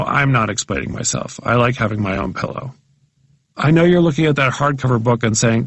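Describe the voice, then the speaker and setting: A man's voice: mid-range voice, a bit bright, no room sound. A man reading humorous personal essays aloud as an audiobook, in a wry, self-mocking, conversational way.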